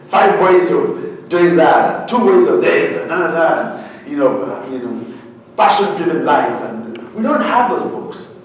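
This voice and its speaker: A man's voice: on the high side, slight background noise. A man from Uganda giving a humorous storytelling keynote, quizzing his audience as he goes. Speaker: keynote speaker. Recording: very echoey hall, voice far from mic.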